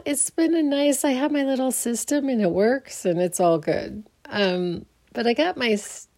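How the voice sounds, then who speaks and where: Slow, mellow-voiced sleepy woman podcaster. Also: on the high side. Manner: rambling, many restarts and fillers, yawning early in the morning. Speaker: podcast host. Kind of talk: casual solo podcast chat.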